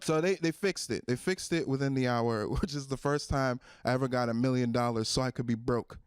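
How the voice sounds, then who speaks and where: A man doing a stand-up comedy set on stage, animated and acting out characters in a high squeal. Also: brisk, noisy background. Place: stage in front of a live audience.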